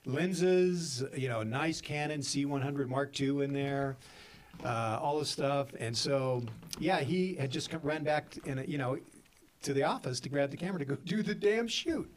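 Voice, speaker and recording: A man casually telling funny work stories on a podcast, acting out what people said. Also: normal speed. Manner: animated, acts out quotes with big pitch jumps and laughs. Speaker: podcast co-host, filmmaker. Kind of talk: casual storytelling chat.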